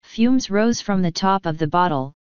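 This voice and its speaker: A woman narrating an audiobook in a measured, precise way, close to the mic. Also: mid-range voice, animated, clean tone, dry recording, muffled recording. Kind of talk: scripted narration.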